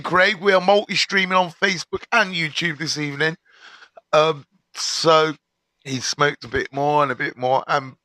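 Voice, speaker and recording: A middle-aged man spins a prison tale live to his viewers, swearing freely and dropping street slang. His voice sits high for a man and comes across bright and sharp. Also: no room sound. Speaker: live-stream host. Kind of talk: storytelling on a live stream.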